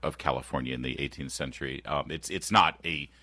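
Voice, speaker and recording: A man in his fifties hosting a radio talk show, chatting in an animated, opinionated and sarcastic way, often restarting his sentences. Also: a bass voice, brisk, dry recording. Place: radio studio. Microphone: close studio microphone.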